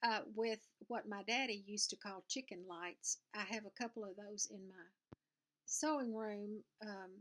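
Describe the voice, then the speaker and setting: An older woman with a Southern US accent, a cross-stitch vlogger, chats casually to camera from her home sewing room indoors. Her medium-pitched voice is a little slow and a bit bright, and her talk is rambling and folksy.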